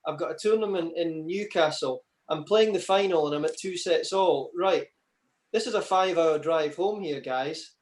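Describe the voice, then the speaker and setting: A man's voice: a little high, normal speed. A man answering interview questions and telling long, chatty anecdotes, with many "you know" asides. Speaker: interview guest, table tennis player. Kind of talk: casual storytelling interview.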